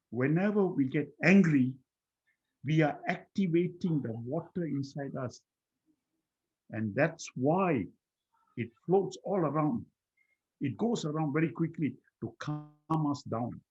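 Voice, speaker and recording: Man, husky voice, reflective personal storyteller, halting restarts, muffled lo-fi recording. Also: fairly high pitch, darkish tone. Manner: slow, repetitive, with many restarts. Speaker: guest speaker.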